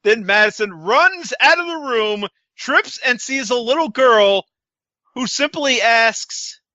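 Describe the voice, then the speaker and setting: A man's voice: very high voice, lively intonation, slow pace, bright, forceful tone, no echo, lo-fi sound. A man co-hosting a podcast, recapping wrestling in casual chat with a sarcastic, swearing manner. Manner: sarcastic, swears, quotes wrestlers in put-on voices. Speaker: podcast co-host.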